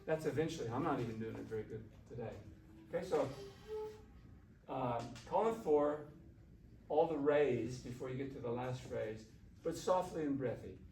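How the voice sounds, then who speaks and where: A man's voice: mid-range voice, moderate pace, vocal fry, dark tone. Man teaching a class from across a roomy space. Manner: conversational, coaxing, asks the class questions. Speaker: shakuhachi teacher. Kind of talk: workshop teaching. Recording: roomy, from far off, faint hiss.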